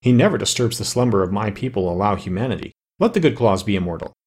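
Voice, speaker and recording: A man's voice: lowish voice, lively intonation, fast, a little mellow, slightly rough. A man voicing a mild, easygoing male king of the sleep fairies. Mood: agreeable.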